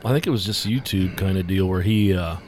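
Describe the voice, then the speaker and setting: A man's voice: sits low, brisk, darkish tone. A man co-hosting a casual trucking podcast, telling folksy, rambling stories with lots of restarts. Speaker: podcast co-host. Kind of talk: casual chat.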